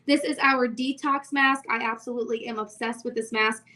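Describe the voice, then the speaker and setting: A woman's voice: fairly high pitch, steady tone, normal speed, sharp tone. A woman in her twenties giving a bubbly, enthusiastic product demo on a live video call. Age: 20s. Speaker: skincare demo host.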